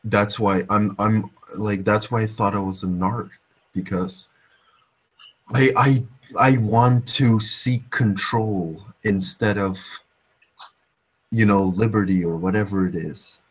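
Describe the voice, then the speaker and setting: A man's voice: lowish voice, steady tone, slow, breathy edge. A man in his twenties in casual group talk, rambling about abstract ideas and tripping over repeated words. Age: 20s.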